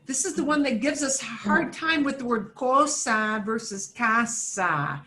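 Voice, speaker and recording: Bright-voiced woman teaching slowly. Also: a little high, lively intonation. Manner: slow, drawn-out modeling of words for students to repeat. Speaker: Spanish teacher. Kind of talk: beginner language lesson.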